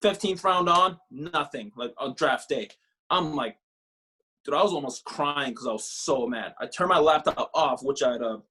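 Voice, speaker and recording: Profane, animated young man telling stories. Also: fairly high pitch, moderate pace, husky. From Canada. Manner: profane, animated, heavy on filler phrases. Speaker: podcast guest, former pro baseball player. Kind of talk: casual interview storytelling.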